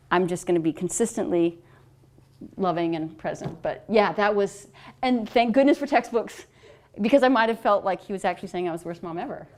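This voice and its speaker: Animated woman telling stories. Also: medium pitch. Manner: animated storyteller, laughs often. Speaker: author and adoptive mother. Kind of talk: casual talk answering questions.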